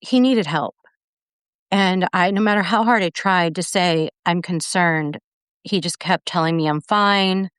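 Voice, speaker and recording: A woman's voice: lowish voice, measured pace, a bit bright, smooth, dry recording, studio quality. A middle-aged woman telling a personal story as a podcast guest, earnestly retelling events and quoting the dialogue.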